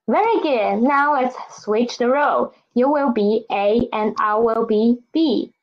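A woman teaching a beginners' Mandarin lesson in a slightly raised voice. She drills words with great patience and very slow pacing, repeating each one for learners to echo. The recording sounds somewhat dull and lo-fi. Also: a little high. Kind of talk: online language lesson.

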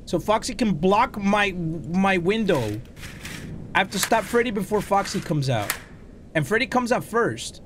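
A man's voice: high-pitched, animated, unhurried, fairly bright tone, a little hiss or hum. A man giving frantic horror-game commentary as a gaming YouTuber, yelping, swearing and slipping into Spanish.

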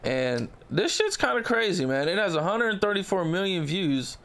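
A man hosting an interview, asking relaxed, drawn-out questions in a casual way. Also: high-pitched, gravelly. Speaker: interviewer host.

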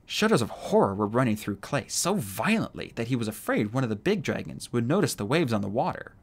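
Animated audiobook narrator. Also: medium pitch, brisk, gravelly, hardly any pauses.

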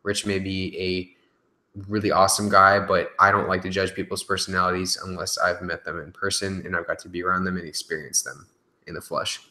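A young man answers viewer questions on a live stream in loose, casual talk, peppered with fillers and swearing. His voice sits low but comes across forceful and bright. The sound bounces around a roomy space. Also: flat delivery, brisk. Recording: echoey room.

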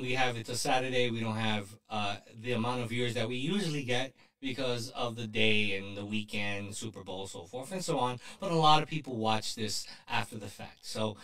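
A man co-hosting a podcast, chatting casually and joking with lively swings in his voice. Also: echoey room, distant mic. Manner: lively, joking, quick shifts in pitch. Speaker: podcast co-host and coach. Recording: voice set back from the mic.

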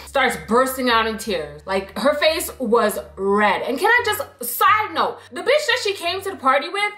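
A young woman tells a storytime tale in a blunt, animated way and curses freely. Her voice is bright and fairly high. The room gives the sound a clear echo. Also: measured pace. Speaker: YouTube storyteller. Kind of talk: storytime vlog. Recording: roomy echo.

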